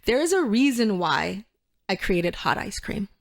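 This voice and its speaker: A woman in her fifties from the United States, a guest in a casual interview. She tells stories in an animated way, laughs often and throws in exclamations. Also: mid-range voice, unhurried, vocal fry. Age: 50s.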